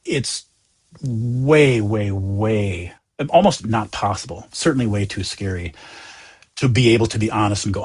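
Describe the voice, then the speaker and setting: A man from the United States, a Zen teacher talking as a guest in a gentle, earnest, reflective way. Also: lowish voice, a little slow, breathy edge. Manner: earnest, gentle, animated, often voicing inner thoughts. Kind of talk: reflective conversation.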